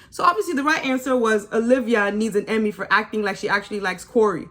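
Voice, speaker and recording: A woman with a fairly high voice talks through a reality show recap in a chatty, opinionated way. She teases freely, drops into sarcastic mimicking asides and laughs often. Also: fast, a bit bright. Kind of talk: casual episode review.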